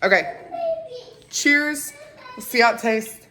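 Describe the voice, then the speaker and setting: A young woman, chatting casually to camera, excitable and full of fillers. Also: a little high, takes it slowly, a little hiss or hum. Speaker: vlogger.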